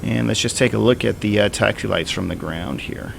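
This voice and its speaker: A man's voice: lowish voice, brisk, vocal fry, a little hiss or hum. A man streaming a flight simulator, thinking aloud in casual, rambling commentary.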